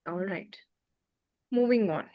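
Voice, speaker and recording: A woman's voice: medium pitch, slow, phone-quality sound. A woman teaching a beginner French class online over a video call, patiently checking that her students follow. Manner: patient, checks often for understanding.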